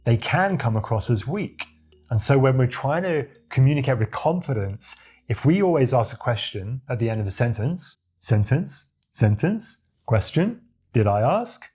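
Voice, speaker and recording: A man with a deep voice coaches the viewer on speaking with confidence. His tone is dark and mellow with a slightly husky edge. He talks straight to camera and acts out his own examples as he goes. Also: lively intonation, normal speed. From Australia. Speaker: communication coach. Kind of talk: talking-head tutorial to camera.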